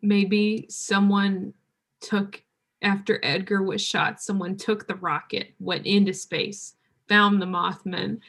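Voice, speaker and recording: A woman's voice: mid-range voice, little pitch movement, slow pace, gravelly. A woman co-hosting a podcast, chatting casually about a TV episode with dry, sardonic remarks. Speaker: podcast co-host. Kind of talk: casual TV recap chat.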